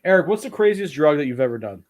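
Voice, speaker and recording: A man's voice: on the high side, very animated, quick pace. Swearing, rambling storyteller man. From Italian heritage. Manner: rambling storyteller, swears freely, acts out quotes. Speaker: podcast host. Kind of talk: casual chat.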